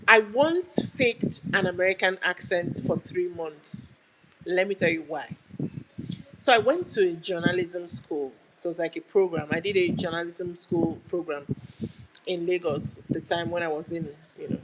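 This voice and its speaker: A woman's voice: fairly low pitch, noisy background. A Nigerian woman telling a story in a casual livestream, chatty and laughing, often restarting her sentences. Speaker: YouTube live streamer.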